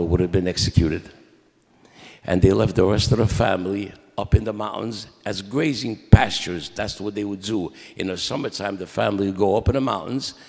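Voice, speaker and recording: A man with a low, gravelly voice recounts his family's story at a memorial service, speaking in a halting, conversational way. His words carry a long reverb through the church. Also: a little mellow. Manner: conversational, halting with restarts and quoted dialogue. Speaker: eulogy speaker at a memorial mass.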